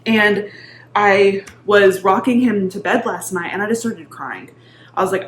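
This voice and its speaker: A woman's voice: mid-range voice, measured pace. A woman in her thirties, a mindset coach talking casually to camera with many fillers. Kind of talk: casual talk-to-camera vlog. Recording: echoey room with faint background noise.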